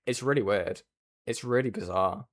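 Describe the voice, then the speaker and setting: A man's voice: lowish voice, normal speed. A man hosting a livestream, chatting casually about online drama with lots of filler words. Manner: casual, chatty, says like a lot. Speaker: stream host.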